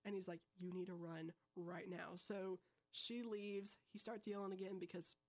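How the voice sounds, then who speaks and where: A young woman hosts a casual podcast, telling a film's plot in a breezy, quick way. She tosses in slangy asides as she goes. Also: on the low side, steady tone, a little mellow. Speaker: podcast host. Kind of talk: casual film review chat.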